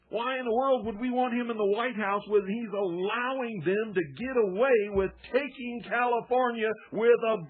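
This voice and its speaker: A man's voice: high voice, breathy edge. A man hosting a talk radio show with an indignant, emphatic ranting monologue. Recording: phone-band lo-fi radio broadcast.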